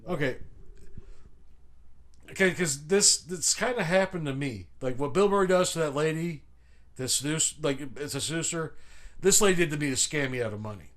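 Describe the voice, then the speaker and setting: Young man, podcast co-host, rambling storyteller, slightly high voice, self-mocking. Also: expressive, normal speed, fairly bright tone. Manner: rambling, many restarts and fillers, self-mocking. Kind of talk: casual storytelling.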